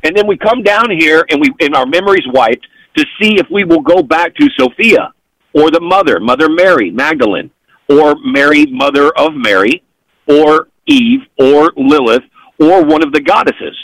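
A man as a podcast guest, telling an animated story in an excitable way and constantly checking in with the listener. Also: on the high side, normal speed, gravelly, no echo, low-quality recording. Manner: excitable, keeps checking in with "okay?".

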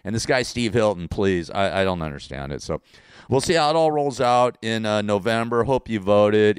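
A Californian man with a lowish, smooth voice rambles through a casual rant. He is sarcastic, circles back to repeat himself, and chuckles at his own jokes. The sound is dry and close. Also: no room sound. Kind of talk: casual political rant to camera.

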